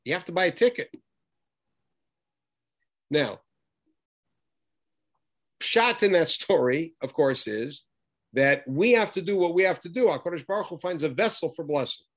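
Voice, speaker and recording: Man teaching scripture, slightly high voice. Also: expressive, moderate pace, pauses often. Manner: asks rhetorical questions, acts out quotes. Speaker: Bible teacher. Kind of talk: lecture on scripture.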